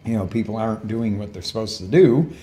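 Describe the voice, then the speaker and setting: A warm, low-ish voice, animated and a little fast, belongs to a man hosting a live health coaching show. His casual livestream talk is chatty, full of questions for the audience, with frequent self-corrections.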